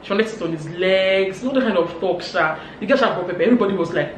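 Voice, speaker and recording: Nigerian woman, casual recap, animated, echoey room, mic a bit far off. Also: quick pace, hardly any pauses. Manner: animated, acts out quotes in higher voices. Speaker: vlogger. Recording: roomy, distant mic, faint hum.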